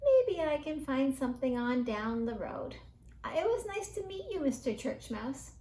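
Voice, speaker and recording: A woman's voice: sits high, very animated, measured pace. Woman voicing a shy, hesitant field mouse boy. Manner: quiet, hesitant and apologetic. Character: shy homeless young male field mouse. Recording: roomy echo.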